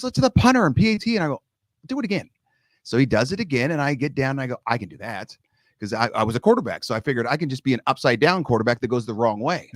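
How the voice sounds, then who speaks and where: Fast-talking middle-aged man telling stories. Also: mid-range voice, dry recording. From Southern California. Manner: animated storyteller, acts out quoted coaches. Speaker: guest, long snapping coach. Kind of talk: casual storytelling.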